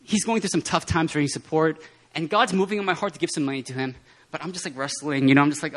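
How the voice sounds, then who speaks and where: A man speaking at a prayer meeting, telling personal testimony stories in an animated way and often laughing. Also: fairly high pitch, fast, few pauses. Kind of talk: testimony sermon.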